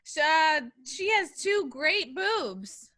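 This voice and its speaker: A woman's voice: sits high, sing-song, takes it slowly, sharp tone. A woman hosting a casual comedy podcast, bubbly and upbeat as she tells stories and runs the game. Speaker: podcast host.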